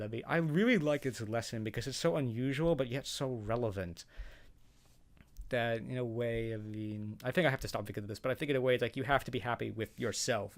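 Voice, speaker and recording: A man casually talking through his thoughts on a cartoon episode, rambling and hesitant, with frequent chuckles. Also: on the low side. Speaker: show reaction vlogger. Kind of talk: casual spoken commentary.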